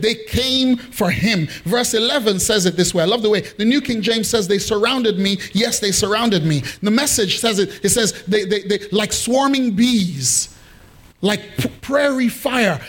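A man's voice: high voice, fairly bright tone. A man preaching a sermon to his congregation, playful and teasing, with lots of questions to the room. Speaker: pastor. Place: church hall with congregation.

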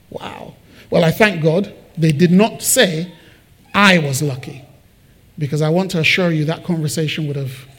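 A man preaching a sermon to his church, conversational and animated, with joking asides. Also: high-pitched. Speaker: pastor. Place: church building.

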